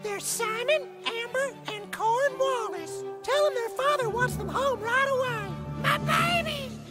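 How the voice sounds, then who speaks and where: An actor voicing a small, cheery, singsong male talking poo in a cartoon game. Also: a little slow. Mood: flustered. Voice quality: squeaky, singsong. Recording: loud game music behind.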